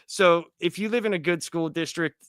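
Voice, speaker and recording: A man chatting as a podcast guest, telling stories in a profane, animated way. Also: a little high, moderate pace, smooth, no echo. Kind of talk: casual podcast chat.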